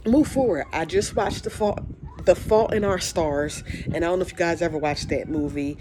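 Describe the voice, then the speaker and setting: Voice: medium pitch, normal speed. A podcast host giving a casual, heartfelt encouraging monologue, rambling and repeating phrases, saying y'all. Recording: steady background noise.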